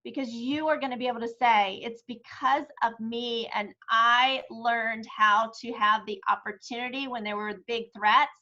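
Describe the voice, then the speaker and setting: A woman speaking warmly and emotionally to her team, gushing with encouragement. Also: fairly high pitch, fairly even intonation, normal speed, few pauses, dull audio. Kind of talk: motivational team call.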